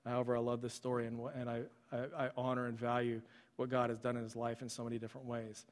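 A man's voice: medium pitch, completely flat delivery, quick pace. A man preaching to his church, telling a story in a conversational way with frequent fillers and restarts. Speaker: pastor. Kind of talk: sermon storytelling. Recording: long hall reverb.

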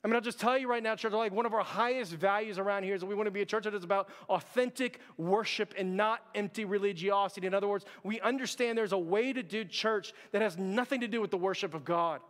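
A man's voice: sits high, fast, few pauses, fairly bright tone, big-room sound. A pastor preaching an earnest, conversational sermon to his church, often addressing the congregation directly.

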